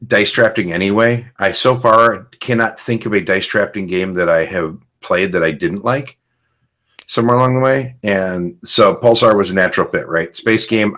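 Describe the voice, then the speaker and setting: A man's voice: sits low, bright, forceful tone. A man hosting a podcast, chatting casually and explaining game rules at length. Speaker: podcast host. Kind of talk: casual rambling chat.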